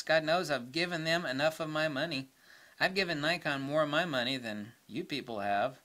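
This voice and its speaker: A man's voice: mid-range voice, bright, forceful tone. Blunt, opinionated man ranting. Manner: blunt, opinionated, laughs at own jokes. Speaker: camera vlogger. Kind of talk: casual opinion rant.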